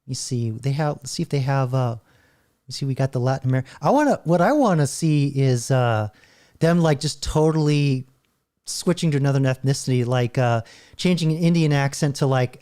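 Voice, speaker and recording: Rambling male host, mellow voice, loose commentary. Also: medium pitch, normal speed. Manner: rambling, stop-start, laughing often. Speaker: channel host. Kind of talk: casual commentary while browsing videos.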